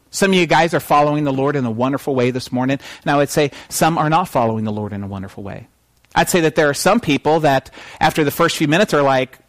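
A man preaching a sermon to his congregation, animated and questioning the room. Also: mid-range voice, dry recording. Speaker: pastor. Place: church service.

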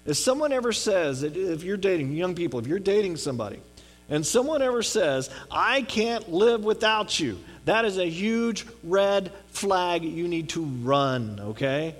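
Man, pastor, earnest conversational sermon, fairly high voice. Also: sing-song, normal speed, faint music behind. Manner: earnest, checks in with listeners often. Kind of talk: conversational Bible teaching.

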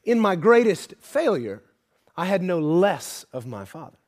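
A man with a slightly high voice preaches a sermon in a church. He drops to soft, close asides and then climbs into loud, emphatic declarations. He keeps asking the listeners questions. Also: sing-song, a little slow. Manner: asks the audience rhetorical questions.

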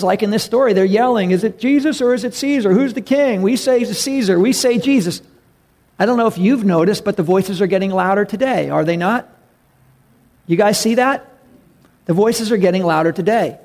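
Pastor, male, fairly high gravelly voice, earnest emphatic sermon delivery. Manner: earnest preaching, rising to loud emphatic calls.

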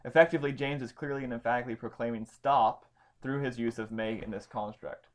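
In an informal Bible study session, a man explains Greek grammar in a steady, mid-range voice at a brisk pace. He emphasizes key terms and often stumbles into ums and fresh starts.

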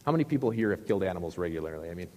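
A man's voice: low-pitched, lively intonation, rapid-fire, mellow, long reverb tail. A middle-aged male pastor preaching a sermon in a conversational, joking way, with rhetorical questions to the crowd.

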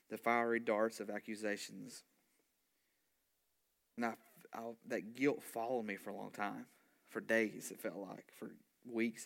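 A man's voice: fairly low pitch, creaky. Chatty man preaching a story. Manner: animated, conversational, many fillers and asides. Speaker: pastor. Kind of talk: sermon storytelling.

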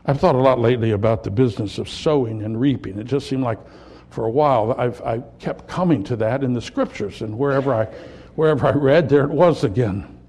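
A man preaching a sermon, building to impassioned peaks and dropping to quiet, reflective lines. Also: medium pitch, fairly quick, slightly rough. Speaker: pastor.

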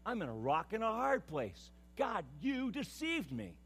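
A man's voice: sits high, huge pitch swings, unhurried, breathy edge, pitched above the performer's own voice, exaggerated voice. A man voicing an exasperated, anguished prophet. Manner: exasperated, pleading, rising to a shout. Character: anguished male prophet railing at God.

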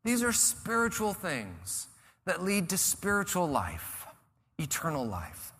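A male pastor preaching a conversational, animated sermon and acting out the people he describes. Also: sits high, slow, husky. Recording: reverberant church hall.

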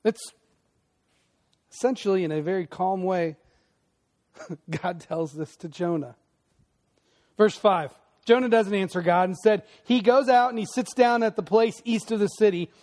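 A male pastor preaching a sermon in a conversational way, with loud bursts, hushed emphasis and frequent asides to the congregation. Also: high voice, unhurried, long pauses.

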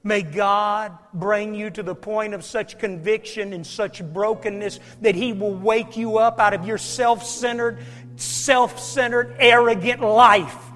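A male preacher delivering a revival sermon and altar call, swinging from shouted climaxes to near whispers. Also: sits high, fairly even intonation, measured pace, few pauses, soft background music. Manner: swells to shouted climaxes, then drops to a whisper. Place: church sanctuary. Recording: long reverb of a large hall.

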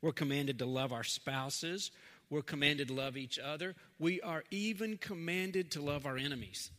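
A middle-aged man preaching a sermon, earnest, moving between quiet, slow stretches and emphatic lines. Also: a little high. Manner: earnest, swings from soft to emphatic. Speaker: pastor. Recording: long hall reverb.

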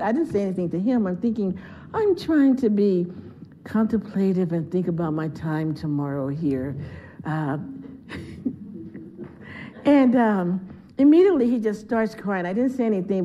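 A woman's voice: mid-range voice, animated, unhurried, muffled recording, slight background noise. A woman giving a heartfelt, conversational sermon as a guest speaker in a church. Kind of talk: sermon storytelling.

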